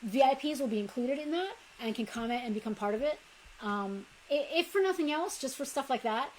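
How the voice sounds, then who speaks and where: A chatty, bubbly woman co-hosts a casual live stream for a toy shop, talking up membership perks. Her voice sits high and bright in pitch. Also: expressive, brisk, slight background noise, rough recording.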